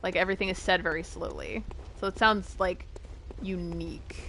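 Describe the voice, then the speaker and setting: Woman streamer from the northern US, quick chatty delivery, casual and self-aware. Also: lowish voice, fairly even intonation, heavy background noise. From northern United States. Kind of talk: casual chat while playing a game.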